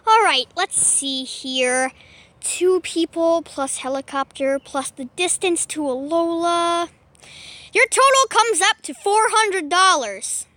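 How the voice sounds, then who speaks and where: Brief: woman playing a brisk, businesslike male helicopter pilot, bright and slow. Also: very high-pitched, expressive, no room sound, heavily acted. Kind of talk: homemade toy skit.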